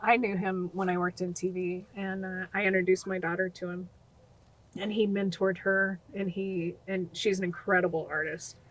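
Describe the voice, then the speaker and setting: A middle-aged woman speaking earnestly as a guest on a podcast interview, telling stories with animated energy. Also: lowish voice, moderate pace, low-quality recording. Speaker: guest, nonprofit founder.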